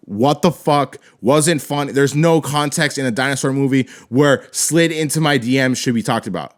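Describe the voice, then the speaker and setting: A man's voice: medium pitch, measured pace. A man hosting a solo film-review podcast, ranting with constant swearing, exasperated and rambling with frequent restarts.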